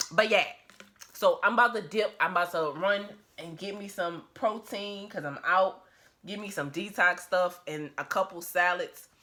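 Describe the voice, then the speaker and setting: A woman's voice: on the low side, pushed and bright. A woman talking to her phone camera at home in a casual vlog, blunt, profane and emphatic, laughing often. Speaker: vlogger.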